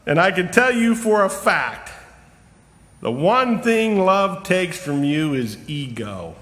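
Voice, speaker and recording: A middle-aged man giving a rambling personal sermon in a church, humorous and self-deprecating, slowing down for emphasis. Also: high voice, sing-song, a bit bright. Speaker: lay preacher. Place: church sanctuary. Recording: long reverb of a church hall.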